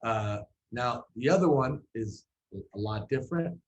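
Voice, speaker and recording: A man's voice: mid-range voice, animated, measured pace, muffled recording. A man, a musician guest in an interview, telling a story in a loose, casual way with many fillers and restarts.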